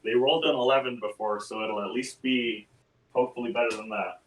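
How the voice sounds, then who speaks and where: A man's voice: medium pitch, fairly quick. Stammering man on a distant mic. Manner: stammering, restarts. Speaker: player. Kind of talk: tabletop game play. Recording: distant mic with faint noise.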